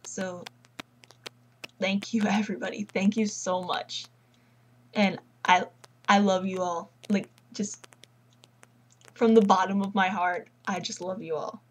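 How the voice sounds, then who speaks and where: A teenage girl vlogging casually at home, rambling and gushing like an excited fangirl. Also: mid-range voice, slow, pauses often, low-quality recording. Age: teens. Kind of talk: casual chat.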